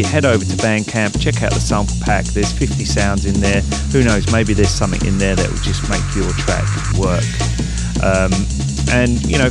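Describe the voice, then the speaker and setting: A man with a low voice and a gravelly edge walks through his home studio setup. He talks in a loose, rambling way with lots of ums, and music samples play clearly behind him. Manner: relaxed, rambling, with many ums. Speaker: music producer and channel host. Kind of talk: casual studio walkthrough. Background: music samples playing.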